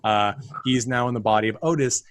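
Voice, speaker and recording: A man's voice: medium pitch, a little fast, a bit bright, dry recording. A man co-hosting a film podcast, chatting casually about a movie, rambling with lots of fillers and restarts. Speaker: podcast co-host. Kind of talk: casual film review chat.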